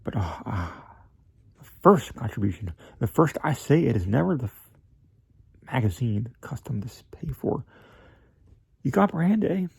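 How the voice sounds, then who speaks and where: A man's voice: medium pitch, very animated, moderate pace, creaky, darkish tone, breathy edge, no room sound, full character voice. A man voicing a fawning, evasive male magazine editor who hedges, stalls and sometimes slips into a whisper. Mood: wheedling. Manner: wheedling, hesitant, drops to a whisper. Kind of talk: dramatic reading of a classic story.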